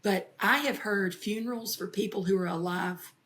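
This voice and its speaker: A woman's voice: mid-range voice, normal speed. A woman comedian and author, telling stories in an interview and slipping into voices when she quotes family. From American South. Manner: storytelling, animated when quoting family. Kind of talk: interview conversation.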